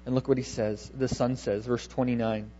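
A man's voice: mid-range voice, flat delivery, normal speed, mellow, dull audio, a little hiss or hum. A man preaching a sermon, emphatic, repeating key words and asking rhetorical questions.

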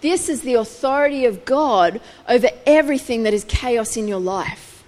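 A woman's voice: fairly high pitch, lively intonation, moderate pace, a little mellow. A woman preaching a sermon, explaining scripture thoughtfully and building intensity as she goes. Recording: long reverb of a hall.

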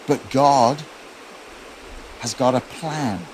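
A man preaching a sermon as pastor, telling the story in an earnest, quietly intense way. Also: mid-range voice, very slow, slight background noise.

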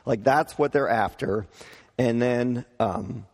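A man delivers a sermon in a relaxed, conversational way, breaking into asides and small laughs as he explains. His voice sits at an ordinary middle pitch. The sound carries a long reverb, as in a large church hall. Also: slow pace. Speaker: pastor.

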